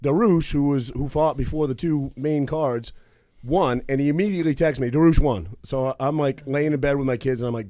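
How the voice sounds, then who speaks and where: A man's voice: mid-range voice, fairly quick, a little mellow, dry recording. Dry-sounding man teasing on a podcast. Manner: teasing, joking, laughs often. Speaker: podcast co-host. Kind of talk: casual podcast chat. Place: podcast room.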